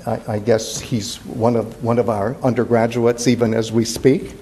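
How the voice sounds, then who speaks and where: Older guy professor giving a talk, lots of ums and restarts, kind of dark mellow voice. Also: mid-range voice, level tone, moderate pace, a little hiss or hum. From Indiana, USA. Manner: digressive and playful, with many fillers and restarts. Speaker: classics professor giving a lecture. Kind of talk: symposium talk.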